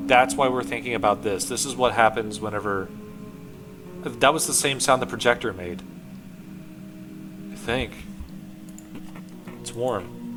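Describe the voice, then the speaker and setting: Guy streaming a game, hyped and cursing, mid-pitched voice, game music going. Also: a little slow, long pauses. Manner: excitable, swears freely. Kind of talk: casual gaming commentary.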